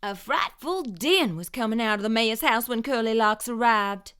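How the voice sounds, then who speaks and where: A woman reading a children's picture book aloud in an expressive, storytelling way. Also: fairly high pitch, normal speed, clean tone.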